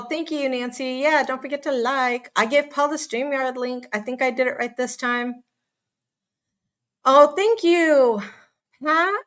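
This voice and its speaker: Bubbly hyper woman live-streaming. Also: fairly high pitch. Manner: bubbly, hyper, talks fast with lots of asides and laughs. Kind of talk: casual live chat reading viewer comments. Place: home.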